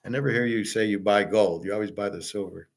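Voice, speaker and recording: A man with a somewhat low voice hosts a loose livestream chat. He answers viewers' questions in a blunt, opinionated way, often rambling and circling back on his points. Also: fast, vocal fry. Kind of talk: casual livestream commentary.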